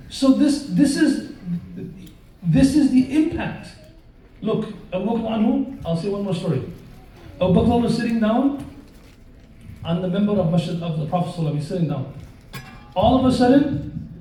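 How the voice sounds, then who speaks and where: A man's voice: sits high, a little hiss or hum. A man preaching a live sermon, telling stories and turning to question and joke with his audience. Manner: lively storyteller who questions and jokes with the audience. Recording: very roomy echo, voice far from the mic.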